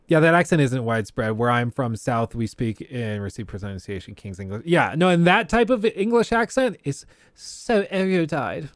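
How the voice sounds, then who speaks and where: A man's voice: mid-range voice, lively intonation, normal speed, no echo, studio quality. A man from the United States hosting a casual livestream chat in a conversational way, with frequent fillers and restarts. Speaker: streamer host.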